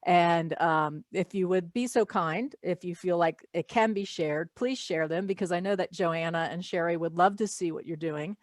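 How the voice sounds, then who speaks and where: A woman's voice: on the low side, moderate pace, few pauses, dry recording. A woman hosting an art podcast, chatting casually and giving friendly tips to her listeners as she wraps up. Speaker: podcast host. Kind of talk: casual chat.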